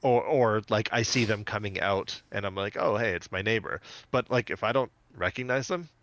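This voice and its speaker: A man's voice: lowish voice, moderate pace, dry recording, muffled recording. A man co-hosting a podcast, chatting casually and laughing as he recaps a cartoon episode. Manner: animated, laughing storyteller. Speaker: podcast co-host.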